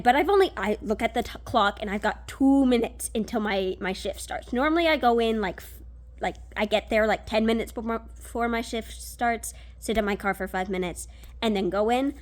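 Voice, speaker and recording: Young woman, casual storytime, rambling restarts, swearing, fairly high pitch. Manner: animated retelling, frequent fillers and restarts, swears. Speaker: vlogger.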